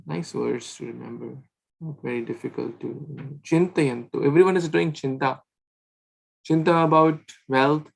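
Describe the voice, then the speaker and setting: This is a man leading a scripture reading group. His teaching is relaxed and chatty, and he often turns to the listeners to check they are following. His mid-pitched voice has a gravelly texture. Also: low-quality recording. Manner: chatty, keeps asking "right?". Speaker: scripture class leader.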